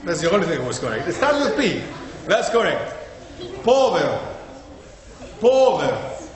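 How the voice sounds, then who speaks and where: A man giving an interactive talk to an audience, often quizzing them and checking with "okay?" as he goes. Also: high voice. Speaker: lecturer. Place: community centre hall. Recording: echoey hall with faint noise.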